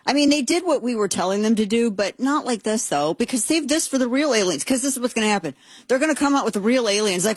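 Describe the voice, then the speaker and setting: A woman hosting a talk show, giving comedic political commentary in a sarcastic, excitable, animated way. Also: on the high side, fast, breathy edge, no echo.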